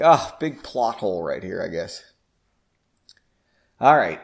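Speaking at a medium pitch, a man hosts a podcast from a home basement studio. He reads his own story aloud, stopping now and then for joking, self-deprecating asides.

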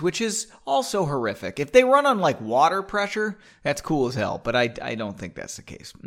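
A man hosting a casual show, chatting and reading his story aloud with frequent digressions and laughs. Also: on the high side. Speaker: podcast host reading his own story.

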